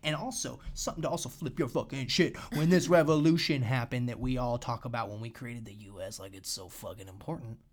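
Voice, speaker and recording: A man co-hosting a podcast in casual talk. His manner is loose, profane and rambling, and his pitch sits at a middling height. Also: a little fast, hardly any pauses. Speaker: podcast co-host. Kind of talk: casual chat.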